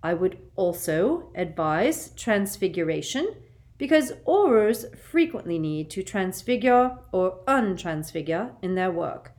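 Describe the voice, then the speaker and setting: A woman voicing a stern older female professor in an audiobook, speaking crisply, curtly and a little haughtily. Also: on the low side, big pitch swings, a little slow, a little mellow. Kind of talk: audiobook character voice.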